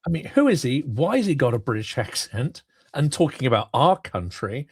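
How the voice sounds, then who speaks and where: Guy on a political talk show, thoughtful and measured, lots of ums, dry room. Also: mid-range voice, very animated, breathy edge, no room sound. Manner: articulate, measured, with fillers. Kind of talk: political commentary chat.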